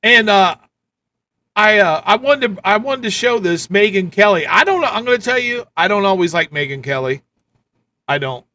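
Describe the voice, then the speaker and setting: A man running a live stream with a high, bright voice. He rants blunt political commentary, repeating his points. The delivery is casual and hard-hitting. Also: animated, normal speed. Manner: ranting, repetitive, blunt. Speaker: livestream host.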